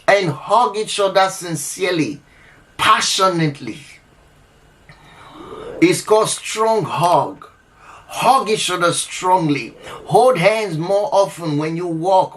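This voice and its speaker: A man's voice: a little high, a bit bright. Earnest, emphatic man giving advice. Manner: earnest, repetitive, emphatic, with frequent restarts and "all right?" check-ins. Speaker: relationship advice host. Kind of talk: unscripted advice talk to camera.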